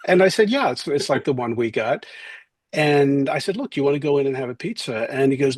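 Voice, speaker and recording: Husky wry man telling stories. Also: mid-range voice, lively intonation, fairly quick, no room sound. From New Jersey, USA. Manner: anecdotal, wry, acts out quoted voices. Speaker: author and guest. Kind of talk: interview storytelling.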